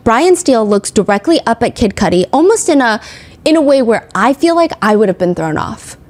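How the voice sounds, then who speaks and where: A woman's voice: fairly high pitch, brisk. Chatty woman podcast host. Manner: chatty, heavy use of "like"; animated, emphatic retelling. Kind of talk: casual true-crime commentary.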